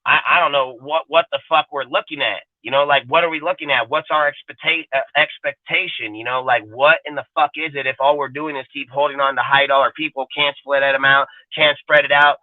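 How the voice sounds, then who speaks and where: Forty-something guy cussing nonstop in a sports rant, kinda high voice, sounds like a tinny phone line. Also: fairly even intonation, a little fast, few pauses, no echo. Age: 40s. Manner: crude, heated, rambling, constant swearing. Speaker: podcast co-host. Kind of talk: profane sports talk rant. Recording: tinny phone-like audio, dry.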